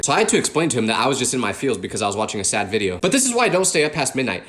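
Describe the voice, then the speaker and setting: A young man telling funny stories as a comedian, animated and acting out voices. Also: medium pitch, racing, hardly any pauses. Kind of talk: comedic storytelling monologue.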